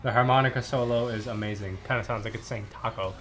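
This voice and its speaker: A young man co-hosts a casual movie talk, his voice sitting at an ordinary pitch for a man. He gets excitable, swears freely and laughs often as he talks. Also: fast, slight background noise. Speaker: podcast co-host. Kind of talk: casual movie review chat.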